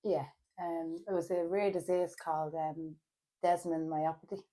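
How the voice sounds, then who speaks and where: A woman from Ireland with a Dublin accent appears as a podcast guest in casual chat. Her voice sits in a lower register, and she's halting and heavy on fillers, though she perks up and grows animated when telling anecdotes.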